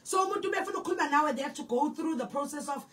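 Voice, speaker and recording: A young South African woman telling her story as an interview guest, lively and animated, switching between languages and acting out the people she quotes. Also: high voice, very fast, recorded from a distance. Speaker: guest, former church disciple.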